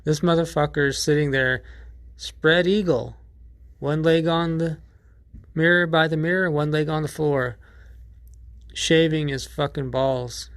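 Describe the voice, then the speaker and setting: A man's voice: on the high side, dry recording, studio quality. A man hosting a podcast in a casual monologue, rambling and profane, with many restarts. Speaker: podcast host.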